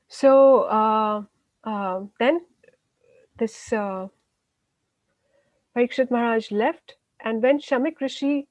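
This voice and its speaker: A woman's voice: a little high, a little mellow, no echo, low-quality recording. A woman teaching a children's class, retelling a story in simple words with frequent restarts and fillers.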